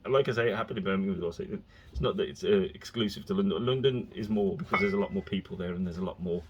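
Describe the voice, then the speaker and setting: A man's voice: deep voice, quick pace, slightly rough. A man hosting his own podcast, rambling casually from topic to topic and slipping into exasperated rants. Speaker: podcast host.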